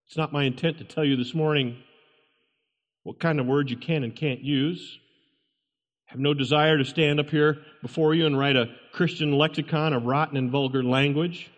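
Pastor with a high-pitched voice, preaching emphatically from the pulpit; repetitive, questioning delivery. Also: male voice, fairly even intonation, moderate pace. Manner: emphatic, repeats lines and asks rhetorical questions. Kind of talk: sermon. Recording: long reverb from a large room.

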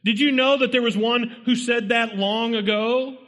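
A man with a high voice preaches a sermon, driving each point home with repetition and pointed rhetorical questions. His voice carries a long reverb, as if filling a large hall. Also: fairly even intonation, moderate pace, fairly bright tone. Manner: emphatic, rhetorical questions to the congregation.

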